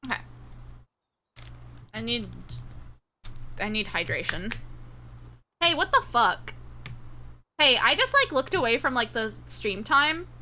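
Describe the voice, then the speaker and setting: A woman's voice: a little high, bright, forceful tone, a little hiss or hum, rough recording. A young adult woman streaming a game, chatting casually in a rambling way, swearing freely and laughing often, with a slightly sore throat. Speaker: VTuber streamer. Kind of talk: casual gameplay chat.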